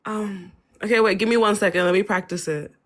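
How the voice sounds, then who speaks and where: A woman's voice: medium pitch, fairly even intonation, a little fast. A woman from Australia chatting on a live stream, giggly and self-conscious. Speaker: live panelist. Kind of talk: casual live chat.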